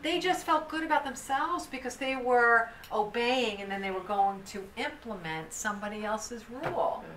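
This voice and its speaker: A woman telling a story to a group in a lively, animated way, often restarting her sentences. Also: a little high, moderate pace. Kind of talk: storytelling talk. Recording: echoey room from far off, faint noise.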